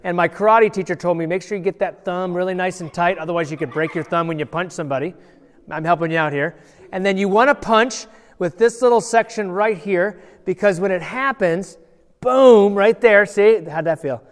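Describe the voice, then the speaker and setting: A male pastor telling a Bible story to children in a playful, animated way, asking the kids questions and acting out voices. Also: high-pitched, normal speed. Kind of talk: lively children's sermon with audience participation. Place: large church hall. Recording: long church hall reverb.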